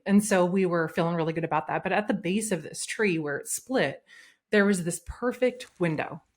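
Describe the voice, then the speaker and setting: A woman with a slightly low voice tells a story as a podcast guest. Her delivery is casual and lively, and she often slips into acting out what people said.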